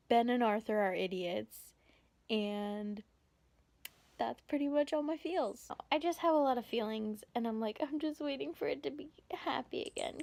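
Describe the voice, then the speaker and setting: A woman's voice: fairly high pitch, vocal fry, a little mellow, dry recording. A young woman vlogging about a book she is reading, gushing and emotional, often breathless. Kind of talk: casual vlog chat. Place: on a bus, at home, in a staff room.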